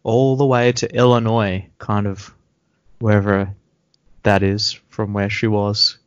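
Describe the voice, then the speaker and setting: A man's voice: on the low side, flat delivery, unhurried, dry recording. A man co-hosting a podcast, recapping a show in casual chat with sarcastic, joking rants. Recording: dull lo-fi sound.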